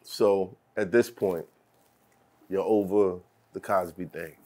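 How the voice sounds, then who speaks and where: A man co-hosting a casual talk show, chiming in with short agreements and asking slow follow-up questions. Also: low voice, steady tone, a little mellow. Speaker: podcast co-host. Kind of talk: casual chat.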